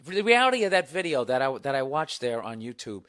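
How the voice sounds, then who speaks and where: A middle-aged man hosting a solo podcast, telling a story in a profane, sarcastic, animated rant. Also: medium pitch, a little fast. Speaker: podcast host.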